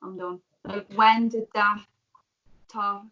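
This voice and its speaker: A woman's voice: mid-range voice, fairly even intonation, slow, bright, forceful tone. A young woman with an Irish accent hosting a podcast interview, sympathetic and affirming, summing up her guest's points. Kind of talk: supportive interview chat. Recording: dull lo-fi sound.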